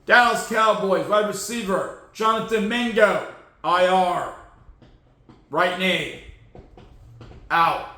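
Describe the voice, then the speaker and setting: A podcast host runs through football news in a sarcastic, joking way, mocking teams with silly sound effects in casual sports commentary. His voice is high, pushed and bright, slow with long pauses, and the sound is roomy.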